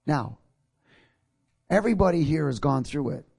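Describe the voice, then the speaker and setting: A man's voice: a little high, expressive, moderate pace, gravelly, a little mellow, slightly rough. A male pastor preaching a sermon, calling out to his congregation and chuckling at his own jokes.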